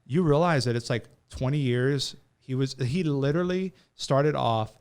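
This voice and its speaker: A man's voice: medium pitch, normal speed. A young man, a company founder, telling stories as a podcast guest and acting out the people he quotes. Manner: animated storyteller who acts out quoted people. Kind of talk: casual storytelling interview.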